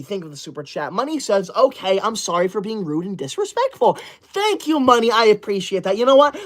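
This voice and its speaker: A man's voice: sits high, a bit bright. A man hosting a livestream, reading out super chats with theatrical, over-the-top gratitude and mock outrage, thanking donors again and again in a hype style. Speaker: livestream host.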